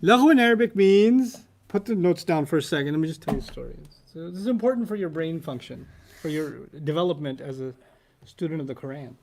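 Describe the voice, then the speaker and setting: A man's voice: on the high side, lively intonation, a little fast, creaky, a little mellow, a little hiss or hum. A man teaching Arabic vocabulary in a casual class, quizzing students and telling humorous stories.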